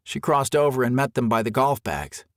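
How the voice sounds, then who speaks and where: Male audiobook narrator, lively pitch, dry close sound. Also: moderate pace, dry recording. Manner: expressive storytelling. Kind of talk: scripted narration.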